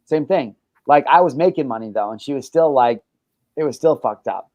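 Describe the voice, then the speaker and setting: A man's voice: medium pitch, animated, normal speed, a little mellow, dry recording. Brash, profane man hosting a podcast. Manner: brash, profane, boastful storytelling. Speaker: podcast host. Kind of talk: casual podcast chat.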